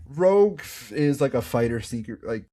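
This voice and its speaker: A man's voice: mid-range voice, normal speed. A man co-hosting a podcast, musing through theories in a hedging, casual way. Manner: lively, musing, hedging speculation. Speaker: podcast co-host. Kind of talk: casual chat.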